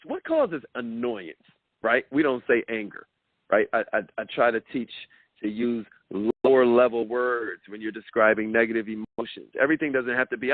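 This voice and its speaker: A motivational speaker delivers his talk like a preacher, repeating words and acting out the voices he quotes. His mid-range voice is sing-song at a moderate pace, and the sound is dry and tinny like a phone, with no echo.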